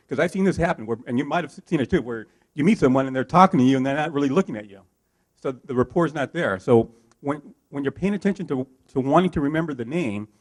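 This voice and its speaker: Male workshop trainer with a mid-range voice, lively and coaching, talking to a live room. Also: medium pitch. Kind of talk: live workshop talk to an audience.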